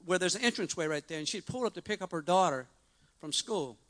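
Bright-voiced earnest middle-aged man testifying. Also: sits high, lively intonation, quick pace. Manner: earnest, rambling, with many restarts and fillers. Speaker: church member giving a testimony. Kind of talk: personal testimony to a congregation.

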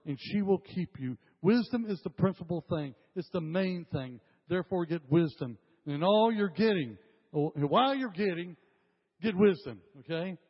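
Older man, pastor, emphatic sermon, repeats phrases, slightly high voice, long hall echo. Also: slightly rough. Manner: emphatic, repeats phrases, addresses the congregation directly. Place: church hall with congregation. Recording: dull lo-fi sound with long hall reverb.

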